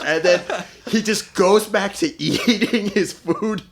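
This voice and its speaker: A man's voice: high-pitched, lively intonation, normal speed, a bit bright. Laughing man telling a movie story. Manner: storytelling, laughs through anecdotes, swears. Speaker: podcast guest. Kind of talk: casual movie podcast chat.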